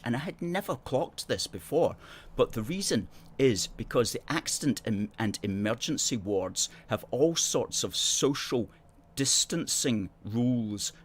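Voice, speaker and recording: Scottish guy ranting on his politics show, casual and emphatic, middle pitch, voice jumps up when he's outraged. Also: breathy edge. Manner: indignant, emphatic, stresses words with rising pitch. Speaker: host of a political talk show.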